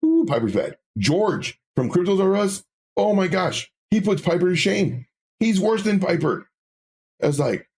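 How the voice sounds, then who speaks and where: A man's voice: high voice, sing-song, unhurried, a little mellow, husky. A man co-hosting a live stream, reading viewer comments and talking candidly, with many fillers and self-corrections.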